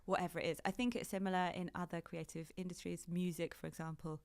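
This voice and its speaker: A woman's voice: fairly low pitch, little pitch movement, fast, darkish tone. A British woman in her thirties, a fashion journalist chatting animatedly as a podcast guest and laughing often. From Britain. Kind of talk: casual interview chat.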